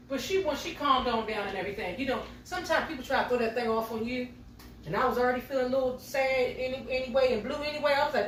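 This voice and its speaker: A middle-aged woman who runs a home cooking vlog chats casually with her viewers, calling them y'all, as she tells a story while cooking at home. She has a high voice and talks quickly. The recording sounds roomy and distant, with a little hiss or hum.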